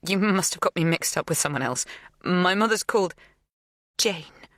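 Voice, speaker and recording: A woman voicing a shaken, confused young woman who answers in tense, halting lines in an audiobook. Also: lowish voice, animated, fairly bright tone, no room sound, studio quality, voice pushed up. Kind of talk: audiobook dialogue.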